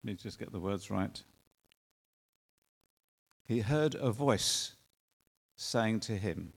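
A male preacher delivering a sermon in an earnest way, with drawn-out emphatic phrasing and rhetorical questions. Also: lowish voice, expressive, gravelly. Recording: long reverb of a large hall.

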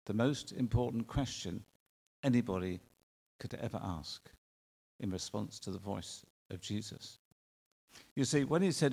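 A male preacher delivering a sermon in an earnest way, with drawn-out emphatic phrasing and rhetorical questions. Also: medium pitch, a little mellow. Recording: long reverb of a large hall.

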